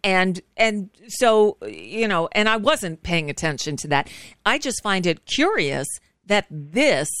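Smooth-voiced woman hosting talk radio. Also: medium pitch, very animated, slow, a bit bright, no room sound, clean studio sound. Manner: chatty, frank, with restarts. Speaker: guest host of a radio talk show. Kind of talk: casual radio conversation.

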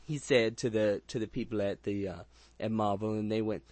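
A man's voice: on the low side, steady tone, normal speed, darkish tone, no room sound. A man hosting a casual movie review chat, rambling and crude with frequent restarts and jokes. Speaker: podcast host.

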